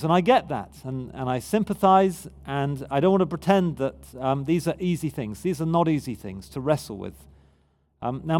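A man's voice: high voice, a little mellow. A man preaching a sermon in a conversational yet emphatic way. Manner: conversational, emphatic, with frequent restarts.

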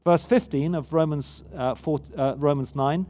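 A man's voice: a little high, normal speed, hardly any pauses, dark tone. A man preaching a sermon in a conversational yet emphatic way. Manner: conversational, emphatic, with frequent restarts.

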